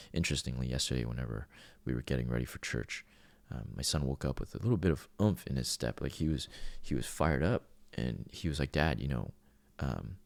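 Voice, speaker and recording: Very deep, gravelly-voiced man. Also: dry recording. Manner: earnest, with frequent restarts. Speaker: podcast host. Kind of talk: casual spoken monologue.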